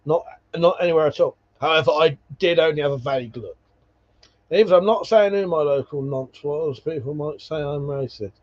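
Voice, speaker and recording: Chatting with viewers and reading their comments, a man on a casual livestream tells rambling stories filled with swearing and laughter. His voice is on the high side and fairly quick, with a darkish tone, heard through dull, lo-fi stream audio.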